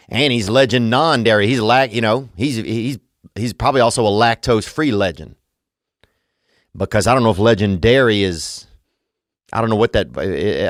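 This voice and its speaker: A podcast host with a lowish voice rambles through a comedic monologue packed with absurd wordplay and wandering asides. The studio sound is clean, with no echo.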